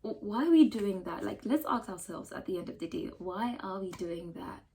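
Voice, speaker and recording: A woman's voice: mid-range voice, moderate pace, slight background noise. Emphatic Ghanaian woman giving advice. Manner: emphatic and animated, with rhetorical questions and mock quotes. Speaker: lifestyle vlogger. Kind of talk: casual advice monologue to camera.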